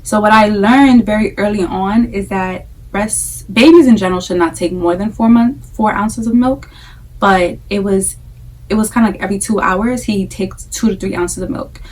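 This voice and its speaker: A woman's voice: mid-range voice, normal speed, darkish tone, recorded from a distance, low-quality recording. A young adult woman talking casually to camera about her experience as a mother, candid and chatty, often repeating phrases for emphasis. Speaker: vlogger, breastfeeding mom.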